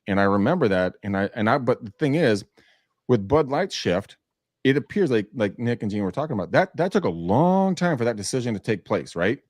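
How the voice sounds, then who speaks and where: A male podcast host with a somewhat low voice tells stories in an animated, loose way. He slips into quoted voices and swears casually. The sound is close and dry, with no room echo. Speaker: podcast host, real estate agent.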